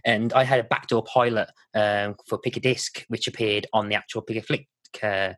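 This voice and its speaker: A man's voice: fairly low pitch, fairly even intonation, normal speed, a bit bright, no room sound. Black Country man, rambling podcast chat. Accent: Black Country English. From Walsall, Black Country, England. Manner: rambling, many fillers and restarts. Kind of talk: casual chat.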